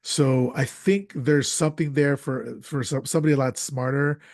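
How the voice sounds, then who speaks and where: A podcast host talking about a film in a casual, animated way, with many restarts and wry asides. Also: male voice, medium pitch, normal speed, no room sound, clean studio sound.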